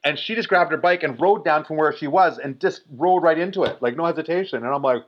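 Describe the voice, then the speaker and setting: Animated storytelling man, fairly high voice. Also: fast, a little hiss or hum. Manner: animated, frequent "like" fillers. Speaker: guest. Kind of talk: casual storytelling. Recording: dull lo-fi recording.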